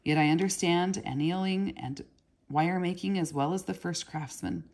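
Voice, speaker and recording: A woman voicing a proud, grieving goldsmith's son who speaks curtly, in a low, husky, gravelly voice. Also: moderate pace, darkish tone. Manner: curt, brusque, then humble.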